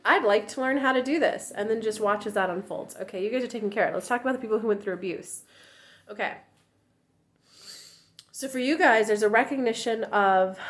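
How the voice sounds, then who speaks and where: A woman in her thirties speaks candidly as a relationship coach, her pitch swinging up when she acts out quoted voices. The delivery is casual and direct, aimed at her viewers.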